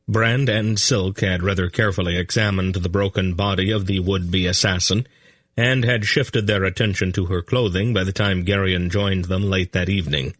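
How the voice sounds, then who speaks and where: A man narrating a fantasy audiobook in a slow, measured reading. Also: sits low, fairly even intonation, fairly bright tone, dry recording, studio quality. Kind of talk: scripted narration.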